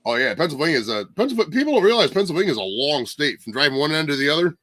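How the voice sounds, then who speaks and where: A man's voice: a little high, sing-song, rapid-fire, fairly bright tone, dry recording. A middle-aged man from Ohio, a military veteran, chatting on a livestream video call in a rambling way, often correcting himself. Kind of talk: casual chat on a livestream.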